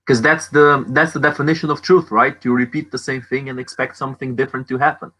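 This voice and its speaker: Man, podcast co-host, laid-back mock-profound talk, bright voice. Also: mid-range voice, fairly even intonation, fast talker, rough recording. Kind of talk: comedic banter.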